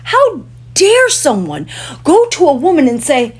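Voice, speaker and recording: Woman commentator, fairly high voice, furious, swears constantly; a reaction rant. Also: wildly swooping pitch, moderate pace. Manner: indignant, swearing heavily.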